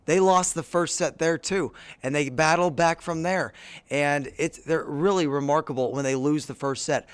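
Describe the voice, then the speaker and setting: Hoarse man co-hosting a sports podcast. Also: on the high side, moderate pace. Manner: play-by-play recap, addresses co-host by name. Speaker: podcast co-host. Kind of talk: casual sports chat. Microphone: studio microphone.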